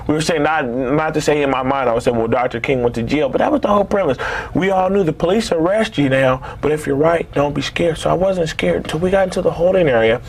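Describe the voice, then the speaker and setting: A man in his forties telling a personal story in a halting way, with many fillers and restarts. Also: a little high, a little hiss or hum.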